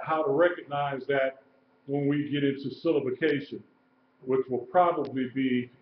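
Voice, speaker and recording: A man lectures a class at an unhurried pace, patiently repeating each term and spelling words out letter by letter. His voice sounds dull and lo-fi, like a live stream, and carries the echo of a roomy classroom. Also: on the high side, slight background noise. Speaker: Hebrew teacher.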